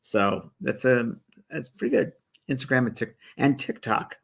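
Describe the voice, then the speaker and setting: A middle-aged man hosting a spiritual livestream, chatting casually and greeting viewers in a relaxed, rambling way. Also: mid-range voice, a little slow, vocal fry, breathy edge. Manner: relaxed and rambling, with many fillers and restarts. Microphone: phone or webcam held by the speaker.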